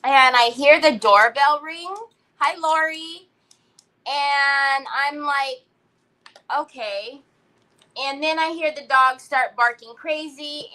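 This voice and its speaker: Woman, high voice, bright tone, chatty livestream host, casual storytelling, middle-aged. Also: low-quality recording. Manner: chatty, animated, greets viewers by name mid-story. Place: parked car.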